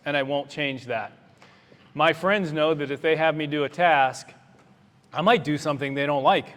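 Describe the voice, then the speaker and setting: A doctor running for office delivers an earnest, plainspoken campaign speech to a crowd in a meeting hall, turning fiery at moments. His voice sits on the high side and sounds a bit bright. The recording carries a long hall reverb.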